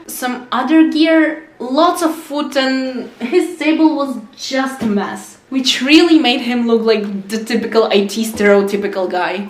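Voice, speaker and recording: Young woman, high voice, chatty storytime narrator, from Czechia. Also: echoey room. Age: young adult. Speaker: student animator and devlog narrator.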